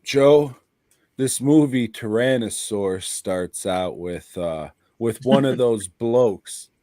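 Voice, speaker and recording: A man's voice: medium pitch, slow pace, mellow, no echo, clean studio sound. A man co-hosting a casual podcast chat, blunt and profane, laughing often. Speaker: podcast co-host.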